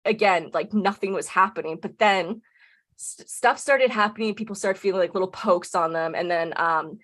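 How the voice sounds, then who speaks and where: A woman's voice: medium pitch, normal speed, a bit bright. A woman casually recounting a personal ghost story on a podcast, talking loosely and filling her sentences with "like". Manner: chatty, peppers speech with "like". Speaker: podcast guest.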